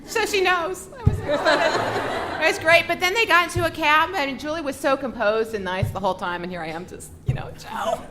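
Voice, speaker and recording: A woman co-hosting a live podcast, telling an excited story in a gushing, breathless way with frequent laughs. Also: high voice, fairly quick. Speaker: podcast co-host. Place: bookstore event with audience. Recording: noisy live event recording.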